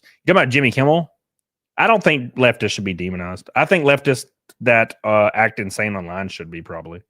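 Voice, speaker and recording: Man, young adult, livestream chat reactions, lively swinging pitch, middle pitch, swears a lot, dry close mic. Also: no room sound. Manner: animated, swears freely, reads chat messages aloud and reacts. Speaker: streamer reading live chat. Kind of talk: casual livestream commentary.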